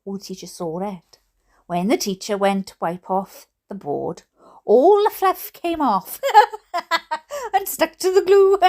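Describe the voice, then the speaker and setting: A woman's voice: very high-pitched, a little mellow. A Welsh woman reading funny stories aloud, with chatty, giggly, mock-indignant asides. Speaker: storyteller reading viewer stories.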